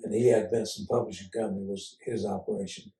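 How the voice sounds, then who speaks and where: A man's voice: lowish voice, little pitch movement, warm tone. Older man spinning folksy stories. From Oklahoma. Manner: folksy, unhurried storyteller with frequent "uh" pauses. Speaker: interview guest. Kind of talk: casual storytelling interview. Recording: roomy sound from a distance.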